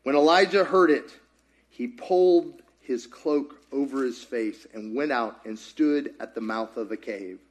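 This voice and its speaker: A man preaching a sermon as pastor, animated and full of questions put to the congregation. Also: mid-range voice, unhurried.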